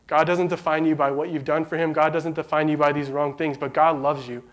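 A man delivers a sermon in an earnest, conversational way, speaking from the heart. He sounds emotional, holding back tears, and his voice sits slightly higher than most men's. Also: little pitch movement, brisk. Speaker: preacher.

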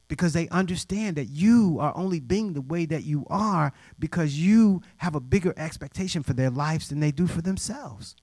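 A man's voice: fairly high pitch, no echo, clean studio sound. A middle-aged man mentoring young people, telling stories to an audience in a direct, plainspoken way and acting out the voices of the people he quotes. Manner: animated storyteller who acts out quoted voices; direct, plainspoken, informal grammar. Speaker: youth mentor. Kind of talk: personal storytelling to an audience.

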